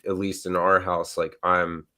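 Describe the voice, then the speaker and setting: A man's voice: deep voice, completely flat delivery, a little slow, pushed and bright. A middle-aged man co-hosting a live stream, chatting casually with lots of fillers. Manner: rambling, filler-heavy. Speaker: co-host. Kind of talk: casual chat.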